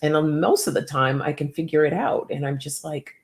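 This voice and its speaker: A woman's voice: low voice, a little fast. A woman giving casual oracle card readings to viewers by name, chatty and upbeat, laughing often.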